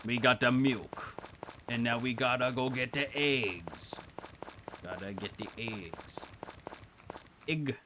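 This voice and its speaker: A man's voice: medium pitch, takes it slowly, background noise. A man streaming a farming game, chatting casually in a rambling, slangy way with lots of fillers. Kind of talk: casual let's-play commentary.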